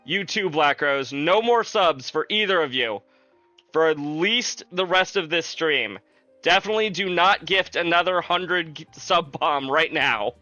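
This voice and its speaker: A man streaming a game, chatting casually with viewers in a joking, sarcastic way with drawn-out asides. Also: a little high, sharp tone, no echo, dull audio, soft background music. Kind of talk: casual livestream gameplay chat.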